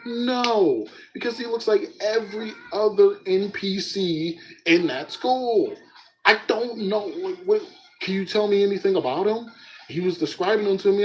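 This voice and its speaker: A young man hosting a casual solo podcast, telling stories in an animated way and often breaking into laughs. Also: high-pitched, normal speed, slight background noise, poor audio.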